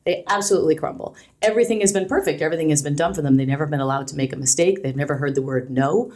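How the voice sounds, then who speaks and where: A woman's voice: low-pitched, racing, darkish tone. A middle-aged woman, a guest on an interview show, talking frankly and animatedly about her work and acting out quotes as she tells stories. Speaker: guest, alumni relations director. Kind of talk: casual conversational interview.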